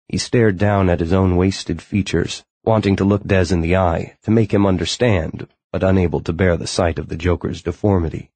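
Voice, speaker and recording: A man narrating a novel in steady, scripted storytelling. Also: low voice, normal speed, breathy edge, dry recording. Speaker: audiobook narrator.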